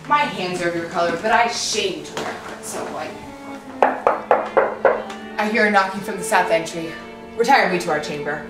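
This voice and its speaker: A woman's voice: on the low side, normal speed, pauses often, close to an everyday voice. A woman playing a scheming, commanding noblewoman, urging firmly in stage verse. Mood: urgent. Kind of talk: stage acting of verse drama. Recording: echoey room, voice far from mic, faint music.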